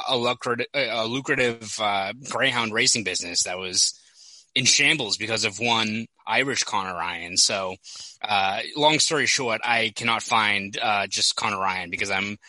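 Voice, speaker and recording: A young man with a sharp, bright voice and a rather low pitch tells stories in casual podcast chat. He talks like a hockey reporter, full of quick asides. The sound is close and dry. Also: no echo, rough recording. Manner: chatty storyteller, quick asides.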